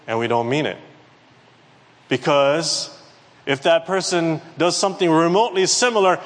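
A man delivers a lively sermon from the pulpit, often turning to question the congregation. His voice sits a little high, and it rings out with the long reverb of a church hall. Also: moderate pace. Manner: animated, asks the congregation questions. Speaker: preacher.

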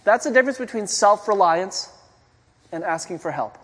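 A man with a high voice preaching a sermon in a church hall, where a long reverb trails after each phrase. He talks to the congregation conversationally and keeps asking them rhetorical questions. His tone is earnest and plain rather than pompous. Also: expressive, normal speed, a bit bright, slightly rough.

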